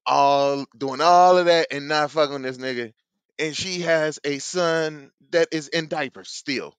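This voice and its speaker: Male co-host, slow-talking skeptic, smooth tone, slangy and crude. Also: a little high, no echo. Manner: drawn-out, skeptical takes, profane. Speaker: podcast co-host. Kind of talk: casual podcast chat.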